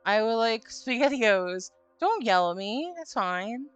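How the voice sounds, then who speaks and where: A woman's voice: a little high, lively intonation, a little slow, clean tone, no echo. A woman hosting a live stream, chatting casually and telling a long, rambling story with some swearing. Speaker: streamer host. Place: home stream room. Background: faint spooky music.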